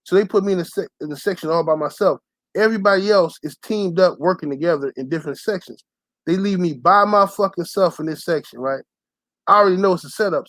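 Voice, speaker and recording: A young man ranting to his channel's viewers, telling a story in a loud, profane, heated way and shouting the lines he quotes. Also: high-pitched, a little fast, no room sound. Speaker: channel host. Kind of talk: profane storytelling rant to camera.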